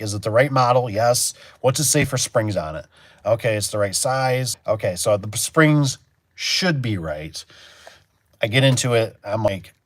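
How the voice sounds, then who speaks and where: A man's voice: fairly low pitch, no echo. A man working as a garage door technician, chatting in a rambling, storytelling way on a casual livestream and acting out his own reactions.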